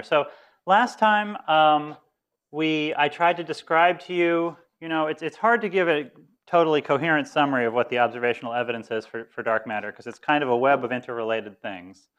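Smooth-voiced man giving a lecture. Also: a little high, a bit bright. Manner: conversational, many self-corrections and restarts; dry self-deprecating humor. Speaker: university physics lecturer. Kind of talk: live lecture.

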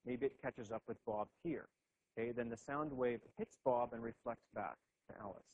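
A man's voice: mid-range voice, moderate pace, darkish tone, muffled recording, a little hiss or hum. A man giving a classroom physics lecture at a board, thinking aloud with frequent restarts and "okay"s.

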